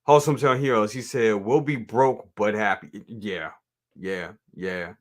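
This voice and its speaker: A man with a lowish voice hosts a live toy review show at an unhurried pace, chatting casually and reading his viewers' comments out loud. He speaks straight to them, repeats himself frequently and is quick to laugh.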